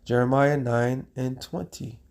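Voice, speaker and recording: A man delivers a street sermon in a medium-pitched voice. He draws out the scripture he reads, then switches to casual slang and keeps checking in with "all right?". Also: level tone, a little mellow. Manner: reads scripture in a slowed, drawn-out cadence. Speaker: preacher.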